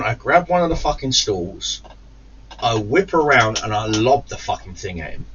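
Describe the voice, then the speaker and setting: A man recounts an old workplace brawl with plenty of swearing, his pitch leaping up and down as he acts out each moment. His tone is bright and forceful. He sits a little back from the mic, and the sound is slightly dull and lo-fi. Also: slightly rough, far from the mic. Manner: profane, animated anecdote-telling with acted-out quotes. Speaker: gaming YouTuber. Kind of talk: casual storytelling to camera.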